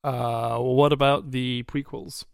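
A man chatting casually on a podcast, wry and quick to laugh, with frequent asides. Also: medium pitch, flat delivery, vocal fry, darkish tone, clear, resonant tone, no echo, clean studio sound.

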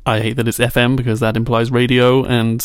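A man's voice: medium pitch, level tone, fairly quick, clean tone, dry recording, clean studio sound. A man co-hosting a podcast in casual chat, playful and reading his messages aloud in a mock-dramatic way. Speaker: podcast co-host.

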